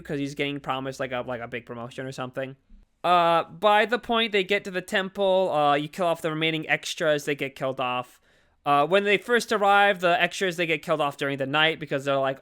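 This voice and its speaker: A man's voice: a little high, brisk, sharp tone, smooth. A man co-hosting a podcast, casually recapping a movie plot in a rambling way, full of fillers and acted-out quotes. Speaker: podcast co-host.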